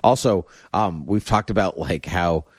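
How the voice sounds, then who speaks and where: Low-voiced chatty male podcast host. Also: measured pace, slightly rough, no room sound, studio quality. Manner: chatty, laughing, mock-outraged asides. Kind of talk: casual chat.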